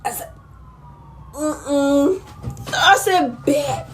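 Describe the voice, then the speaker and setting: A woman's voice: high voice, very slow, a little hiss or hum. A young woman telling a storytime vlog in an indignant, sassy way, with asides to her viewers. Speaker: vlogger.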